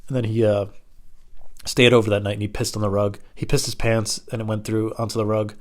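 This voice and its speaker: A man's voice: lowish voice, little pitch movement, brisk. A man telling rambling personal stories in a casual, profane, offhand way. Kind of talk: casual storytelling monologue.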